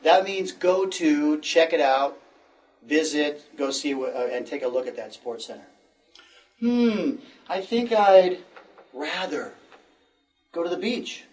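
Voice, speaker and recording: A man teaches a recorded English lesson, modeling replies and repeating phrases slowly. His voice sits a little high and is picked up from a short distance away from the mic. His tone stays encouraging throughout. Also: expressive, a little mellow.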